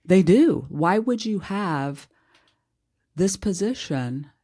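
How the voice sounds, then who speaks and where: A podcast host chatting casually about work, blunt and a little snarky. Their voice sits in an ordinary middle pitch and the delivery keeps a plain, conversational pace. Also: sing-song, slow pace, dark tone. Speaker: HR professional.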